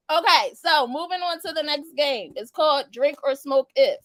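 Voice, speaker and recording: A woman's voice: sits high, animated, normal speed, fairly bright tone, no room sound. A young adult woman hosting a casual live-stream chat, laughing and teasing as she reads viewer answers. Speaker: host.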